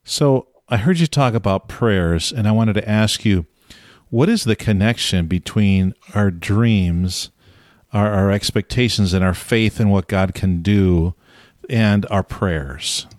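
A man's voice: lowish voice, takes it slowly, darkish tone, no room sound, clean studio sound. A man interviewing a guest, asking thoughtful, probing questions.

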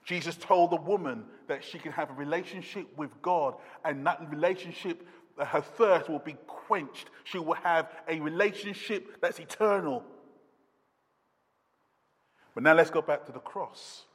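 A man's voice: fairly high pitch, moderate pace, big-room sound. A man preaching a sermon, quoting scripture dramatically with rising intensity. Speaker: pastor.

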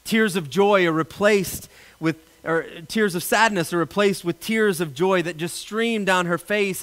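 A male pastor delivering a sermon, an animated storyteller who jokes with his congregation. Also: sits high, moderate pace.

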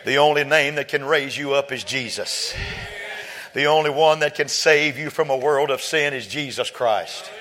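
A man preaching a sermon, quoting scripture and building from quiet talk to fervent shouting. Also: medium pitch, moderate pace.

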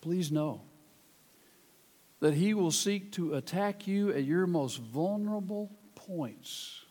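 A pastor with a Southern American accent preaching a sermon in an earnest way and reading scripture dramatically. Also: male voice, sits high, expressive, slow pace, darkish tone, big-room sound. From Southern United States.

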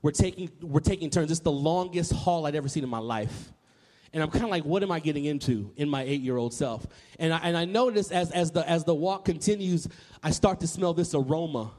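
A man in his thirties from Tennessee, telling an animated personal story to a live audience, often repeating words and acting out voices. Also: fairly high pitch, a little fast, big-room sound. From Nashville, Tennessee, US. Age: 30s. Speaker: public speaker.

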